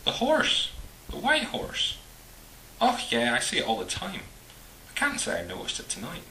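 A man voicing a charming, good-humoured young Scotsman with a Highland accent. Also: wildly swooping pitch, a little fast, bright, forceful tone, echoey room, slight background noise, poor audio. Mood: friendly. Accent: Highland Scottish. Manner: easy, good-humoured banter.

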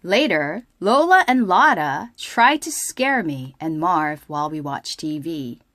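Korean-accented female storyteller, lively pitch, bright, close and dry. Children's read-aloud. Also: slow pace, no room sound. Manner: expressive and lilting. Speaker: storybook reader.

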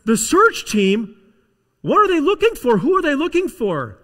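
A puzzled boss keeps pressing with rising questions, as a man acts him out. His voice is high, and a long church-hall reverb rings after each line. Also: wildly swooping pitch, measured pace, pushed and bright, exaggerated voice. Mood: alarmed. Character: puzzled, increasingly alarmed male boss.

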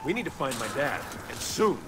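Young game soldier, pitch jumps all over, tense orders, noisy game audio. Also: male voice, very animated, a little fast, bright, forceful tone. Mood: urgent. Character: young male soldier searching for his father.

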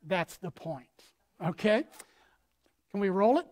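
A woman pastor preaching a sermon in an animated way, acting out quotes with big swings in loudness. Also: mid-range voice, slow pace.

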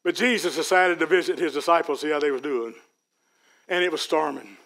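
A man preaching a sermon in a church, folksy and rising to loud peaks. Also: fairly high pitch, a little fast. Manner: folksy preaching, Southern US dialect, builds to shouts. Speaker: pastor. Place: church sanctuary.

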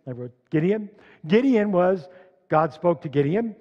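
A man's voice: high voice, expressive, measured pace. An older man preaching a sermon, telling stories and reading scripture aloud with rising force. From Philadelphia. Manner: storytelling, rising loud when reading scripture. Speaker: congregation leader. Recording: dull echoey church hall recording.

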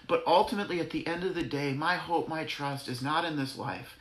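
In an echoey room, a man preaches a devotional sermon as pastor, brisk and with hardly any pauses. His slightly high, rather bright voice stays earnest and conversational, repeating phrases for emphasis and including self-corrections.

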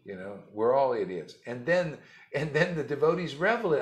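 A man's voice: mid-range voice, lively intonation, moderate pace. A man giving a rambling, blunt spiritual talk, mocking and laughing often. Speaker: spiritual teacher. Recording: echoey room.

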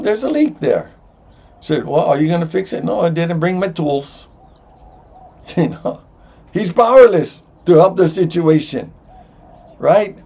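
A man preaching a sermon as pastor, slow and emphatic, with sudden jumps in pitch. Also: a little mellow, slightly rough.

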